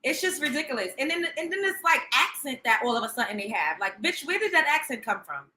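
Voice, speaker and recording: High bright-voiced woman ranting. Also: big pitch swings, quick pace, slight background noise. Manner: profane, sarcastic, emphatic. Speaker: livestream host. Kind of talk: heated reaction rant. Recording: roomy echo.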